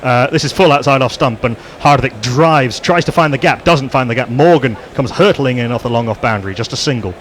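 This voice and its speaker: A man giving live ball-by-ball cricket commentary on radio. He describes the field and each delivery in steady, descriptive play-by-play. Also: medium pitch, a little fast, few pauses, slight background noise. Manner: steady descriptive play-by-play, rising on big moments.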